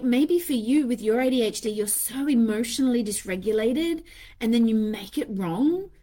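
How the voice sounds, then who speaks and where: A woman's voice: a little high, mellow. A woman hosting a podcast in a candid, casual monologue, swearing freely and acting out her own inner voices. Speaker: podcast host.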